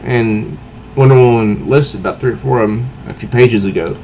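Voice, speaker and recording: A man casually reviewing a comic book and reading its panels aloud, halting often and restarting his sentences. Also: mid-range voice, creaky, mellow, slight background noise. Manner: halting, with frequent restarts and fillers.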